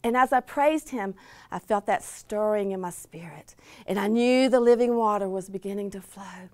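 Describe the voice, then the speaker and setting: A woman's voice: mid-range voice, normal speed, no echo. A woman speaker at a Christian conference sharing an emotional personal testimony, earnest and tender, sometimes sinking to near-whispers.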